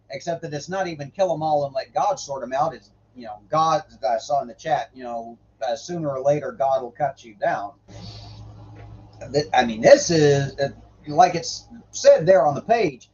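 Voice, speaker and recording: A man hosting a stream who swears freely while joking about scripture, then reads the old verses slowly and deliberately. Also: a little high, expressive, a little mellow, lo-fi sound. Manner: irreverent, swears freely, jokes between readings. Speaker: host reading the Bible on a livestream. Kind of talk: casual commentary and scripture reading.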